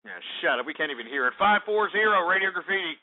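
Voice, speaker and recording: A man's voice: high voice, lively intonation, fast. A male call-in radio host, brash and profane, out of breath, mocking his callers. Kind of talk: crude comedic call-in radio. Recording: tinny phone-line radio with faint music.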